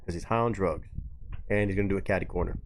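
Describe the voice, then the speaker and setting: A man's voice: deep voice, steady tone, fast, slight background noise. Joking, crude young male streamer. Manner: crude, joking, slangy banter. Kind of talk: live-stream reaction chat.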